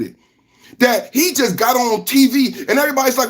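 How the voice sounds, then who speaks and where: High-voiced man ranting emphatically. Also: moderate pace. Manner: emphatic, repetitive, bursts into shouting. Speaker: podcast host. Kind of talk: political reaction commentary.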